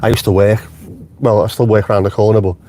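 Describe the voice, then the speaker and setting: A man's voice: on the low side, flat delivery, fast talker, warm tone, slight background noise. A middle-aged man hosting a casual live stream from inside his car, chatty and jokey, swearing freely and wandering off on tangents. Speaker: vlogger host.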